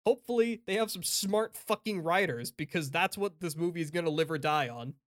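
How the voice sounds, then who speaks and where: A man co-hosting a casual chat, animated and opinionated, laughing often and swearing freely. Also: fairly high pitch, a little fast. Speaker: podcast co-host.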